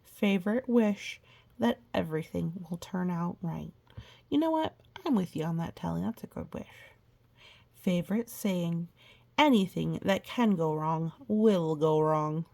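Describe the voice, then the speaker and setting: A woman's voice: lowish voice, measured pace, creaky, a little mellow. A woman reading a children's picture book aloud, adding chatty, playful asides. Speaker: storybook reader.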